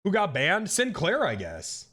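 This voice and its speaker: This young man's voice sits high and moves at a measured pace as he streams casual reactions. He rants with plenty of swearing and keeps breaking off to start over, all in an animated way.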